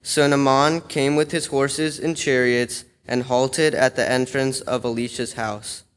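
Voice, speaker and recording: Man, scripture reader, smooth resonant voice, measured, church reverb. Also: medium pitch, fairly even intonation, fairly bright tone. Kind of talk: reading scripture aloud. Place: church sanctuary. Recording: long reverb of a church sanctuary.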